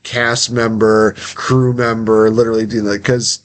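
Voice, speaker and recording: A man's voice: on the low side, little pitch movement, measured pace. A young man hosting a casual interview, chatty and rambling, acting out little quotes as he tells stories. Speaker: podcast host.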